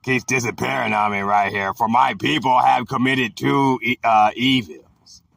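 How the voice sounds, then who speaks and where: A man slowly teaching a Bible chapter in an informal, drawling way, repeating phrases and talking back to an imagined devil. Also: medium pitch, fairly even intonation, creaky, a bit bright, dry recording, distant mic. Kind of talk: informal Bible study monologue.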